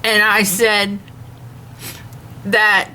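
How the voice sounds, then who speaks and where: A woman vlogging a complaint, retelling a phone call in an earnest, measured way and speaking openly about her faith. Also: medium pitch, level tone, sharp tone, a little hiss or hum. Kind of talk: complaint rant to camera.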